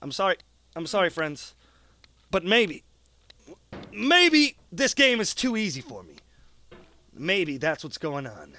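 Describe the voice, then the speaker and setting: A young man giving gameplay commentary, excitable, muttering one moment and yelling the next, swearing and talking to his character. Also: high voice, slow, long pauses. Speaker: gaming YouTuber.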